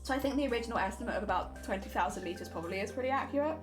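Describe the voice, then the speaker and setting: A woman chatting casually on a live stream as she sews, thinking out loud and answering chat. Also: fairly high pitch, lively intonation, rapid-fire. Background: music and sewing machine.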